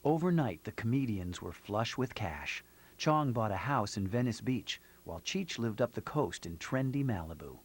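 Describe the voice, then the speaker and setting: A man reading scripted documentary narration in a measured, storytelling way. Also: on the low side, expressive, slightly rough. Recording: narration over loud music.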